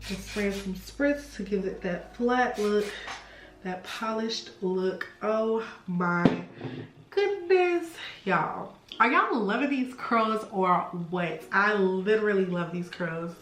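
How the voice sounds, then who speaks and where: A woman's voice: medium pitch, animated, slow pace, echoey room, noisy background. A young woman chatting through a hair tutorial, gushing and chatty, saying y'all a lot. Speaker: beauty vlogger. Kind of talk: casual hair tutorial chat.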